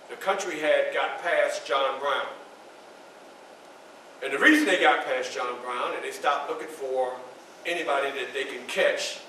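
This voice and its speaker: A man as Frederick Douglass, an animated orator. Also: a little high. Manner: animated, addresses the audience directly. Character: Frederick Douglass, proud male orator and statesman. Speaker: historical reenactor. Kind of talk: first-person historical storytelling performance. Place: library event room, indoors. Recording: echoey hall from far off, faint hiss.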